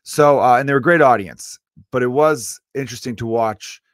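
A man's voice: mid-range voice, moderate pace, no room sound, clean studio sound. A man, a comedian hosting his podcast, ranting casually with lots of swearing and asides. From Chicago area. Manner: profane, animated ranting with frequent asides.

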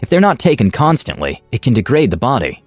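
A man's voice: mid-range voice, wildly swooping pitch, fast talker, no echo, soft background music. A man doing a polite, earnest adventurer.

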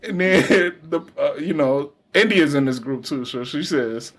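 A man's voice: fairly high pitch, sing-song, unhurried, few pauses, breathy edge. Laughing man telling a story. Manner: laughs often while telling a story, slangy. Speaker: podcast co-host. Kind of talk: casual chat.

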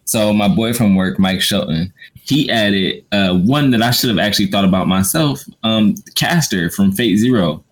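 A man's voice: fairly low pitch, animated, moderate pace. A man co-hosting a casual podcast chat, laid-back and slangy. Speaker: podcast co-host.

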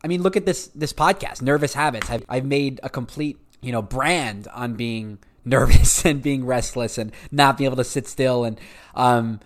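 A male podcast host introduces his show in an energetic, restless way. His voice sits at a middling pitch, and he keeps doubling back on words as he talks. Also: moderate pace.

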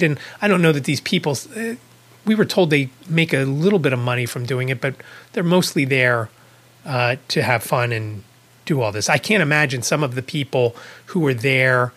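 A man's voice: medium pitch, a bit bright. A man hosting a podcast, telling a story in a casual, rambling way with wry asides. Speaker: podcast host.

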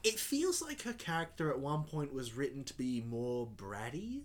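A man makes wry, dry remarks in a casual chat. His intonation rises and falls a lot. His pitch is middling. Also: sing-song, moderate pace. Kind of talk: casual film discussion.

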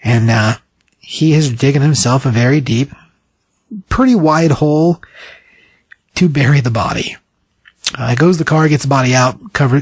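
A man's voice: mid-range voice, husky, no echo. A man casually recapping a comic book scene by scene, rambling with many fillers.

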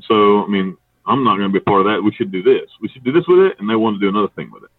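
A low-voiced, husky man from North Carolina tells a rambling, profane story, quickly acting out what others said. He comes through a distant, tinny phone line with no room sound around him. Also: level tone, no echo. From North Carolina, USA. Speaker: interviewee. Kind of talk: storytelling interview.

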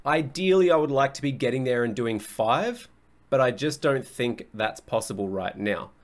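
A man's voice: mid-range voice, lively intonation, moderate pace. A young adult man hosting a casual solo podcast as a coach, talking bluntly, swearing often and laughing easily.

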